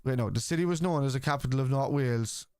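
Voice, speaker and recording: A man's voice: medium pitch, quick pace, a little mellow, clear, resonant tone, no echo, studio quality. A man, chatting live on a football stream, blunt and argumentative with viewers. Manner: blunt and argumentative, swears freely. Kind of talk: casual live-stream chat, answering viewers.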